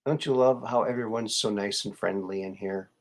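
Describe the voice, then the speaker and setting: A man's voice: on the low side, moderate pace. A man hosting a casual live show, musing and rambling with many fillers and restarts as he greets viewers. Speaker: show host.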